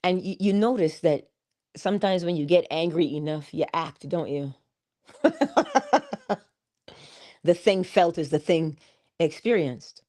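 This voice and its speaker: A woman's voice: lowish voice, slow, long pauses, darkish tone. A woman giving a morning inspirational talk, with preacherly calls and frequent laughter. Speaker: motivational speaker.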